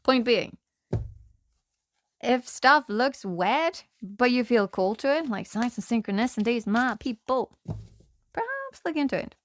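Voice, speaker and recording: A woman's voice: a little high, very animated, a little slow, dry recording. A woman from Norway, a tarot reader, telling a tale in rambling casual chat, laughing often and breaking off her own sentences.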